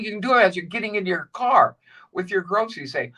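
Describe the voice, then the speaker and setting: Male spiritual talk co-host, preachy and repetitive, bright-toned, slightly off-mic. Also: high voice, quick pace, recorded from a distance. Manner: animated, preachy, repeats short phrases for emphasis.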